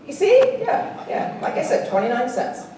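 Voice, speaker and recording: Lively laughing woman in echoey hall. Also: sits high, normal speed. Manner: animated, laughs often, acts out voices. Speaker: guest actress at a convention panel. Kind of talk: convention panel Q&A. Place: convention hall stage. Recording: echoey hall, distant, faint hiss.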